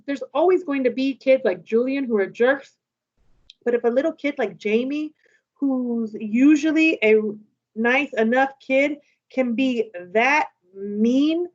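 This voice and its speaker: A woman's voice: fairly high pitch, muffled recording. A woman teacher reading a children's novel aloud to her class, bringing the dialogue to life. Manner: lively, voices the characters' dialogue.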